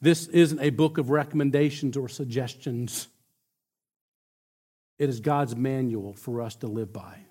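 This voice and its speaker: A man's voice: mid-range voice, darkish tone. A man preaching a sermon, telling a story with emphatic builds and frequent restarts.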